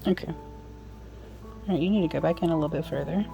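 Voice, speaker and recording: Low-voiced woman demonstrating sewing. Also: fast, creaky, dark tone, highs cut off, faint music behind. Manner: chatty, apologetic asides, talks while working. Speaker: sewing instructor. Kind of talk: casual how-to demonstration.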